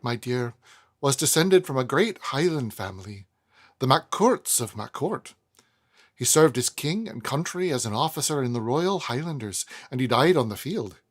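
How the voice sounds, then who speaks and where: A man reading aloud and voicing a stately, proud old woman who boasts of her family pedigree, in a raised voice with a put-on Welsh lilt. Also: mid-range voice. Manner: lofty, fond, confiding.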